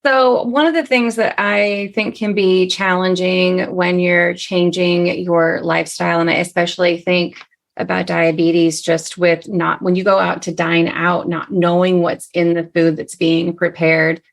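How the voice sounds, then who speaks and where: A woman hosting a podcast, asking long, relaxed questions in a conversational interview. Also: lowish voice, unhurried, gravelly. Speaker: podcast host.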